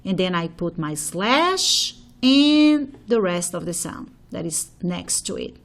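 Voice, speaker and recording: A woman's voice: lowish voice, sing-song, slow pace, gravelly. A woman teacher explaining a phonology problem step by step, checking in with "okay?" as she writes. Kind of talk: phonology lesson at a board.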